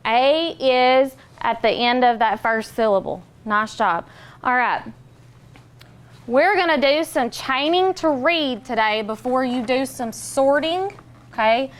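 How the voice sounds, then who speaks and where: A young woman teaching a phonics lesson in a classroom, patient and encouraging, sounding out words slowly. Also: high voice.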